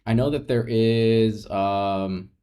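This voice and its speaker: A young man chatting casually on a live gaming stream, soft-spoken and rambling, with frequent restarts and light laughs. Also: fairly low pitch, steady tone, takes it slowly, clean tone, soft background music.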